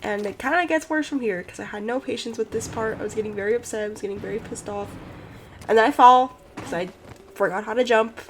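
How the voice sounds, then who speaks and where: A woman's voice: a little high, fast, a little hiss or hum, low-quality recording. A woman hosting a let's play, narrating her playthrough in rambling, self-deprecating casual commentary. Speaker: gaming channel host.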